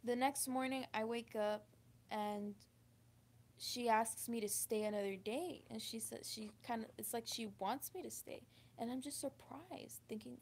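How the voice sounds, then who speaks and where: A woman with a slightly high voice, gravelly at the edges, speaks straight to the camera. She tells a personal story in a halting, emotional way, stopping and restarting her sentences often. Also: darkish tone, slight background noise. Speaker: vlogger. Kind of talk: confessional storytime.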